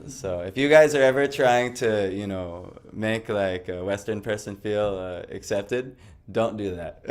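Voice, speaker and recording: A man's voice: lowish voice, a little slow, hardly any pauses. A man giving a casual personal testimony talk, rambling with lots of fillers and a self-amused tone. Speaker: devotional speaker.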